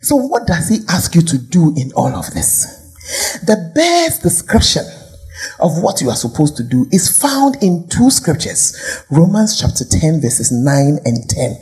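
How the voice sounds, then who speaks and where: A woman's voice: low-pitched, huge pitch swings, a little slow, darkish tone. A woman pastor with a Ghanaian accent preaching a sermon, firing rhetorical questions and sometimes dropping to a whisper.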